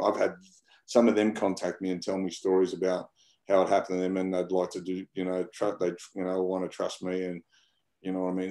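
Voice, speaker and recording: A man's voice: deep voice, warm tone. An Australian man talking in a casual interview, rambling and blunt, often repeating his words and using slang. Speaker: interview guest. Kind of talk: casual conversation.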